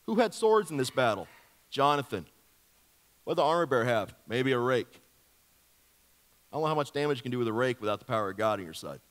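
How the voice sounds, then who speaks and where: A male pastor giving a sermon in a lively, joking storytelling manner, firing off rhetorical questions to the congregation. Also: medium pitch. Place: church sanctuary. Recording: long hall reverb of a church.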